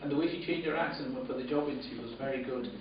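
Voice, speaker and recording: Racing through his words, a director presents awards off the cuff, peppering his speech with ums and repeated words. The camera mic is distant, and the result is very echoey, boomy, dull audio with room noise.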